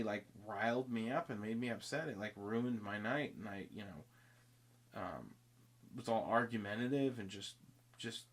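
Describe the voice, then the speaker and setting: Man, casual podcast storytelling, rambling, restarts, mid pitch. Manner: rambling, self-interrupting, acts out both sides of dialogue.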